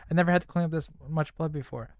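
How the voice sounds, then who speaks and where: Scared shy teen girl, soft shaky stammery voice, pitched up high, a guy doing her. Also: smooth, no room sound, clean studio sound, lightly acted. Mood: pleading. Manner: soft, halting, trembling stammer. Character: frightened shy teenage girl, bleeding and alone.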